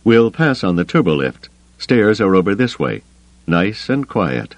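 Audiobook: male reader as a composed military commander, quiet authority, lively delivery, dry sound. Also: fairly low pitch, measured pace, no room sound. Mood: calm, commanding. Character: calm, commanding veteran male officer. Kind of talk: audiobook character voice.

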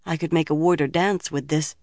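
A man's voice: fairly high pitch, fairly even intonation, brisk, vocal fry, a little mellow, no echo, clean studio sound. A man voicing a proud, argumentative young woman in an audiobook reading. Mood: wondering.

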